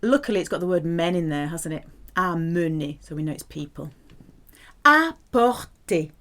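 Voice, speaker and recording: A woman with a French accent teaching a playful grammar lesson, spelling out words and repeating French examples slowly. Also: low voice, a little mellow.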